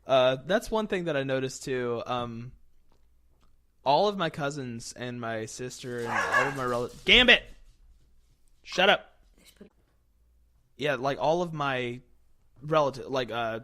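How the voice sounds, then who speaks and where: A man's voice: medium pitch, measured pace, fairly bright tone. A young man from West Virginia hosting a casual podcast chat, sarcastic and laughing often. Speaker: podcast host.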